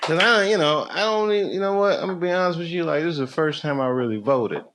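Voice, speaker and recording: A man in his thirties with an American accent, doing stand-up storytelling on a club stage. He often laughs at his own stories, and his voice jumps up when he gets excited. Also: fairly high pitch, fast. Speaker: stand-up comedian. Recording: noisy live recording.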